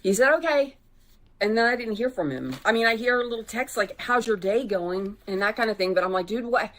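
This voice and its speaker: A woman's voice: mid-range voice, animated, fast, a bit bright. A woman vlogger telling candid dating stories in a casual, conversational storytime way. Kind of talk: chatty storytime vlog.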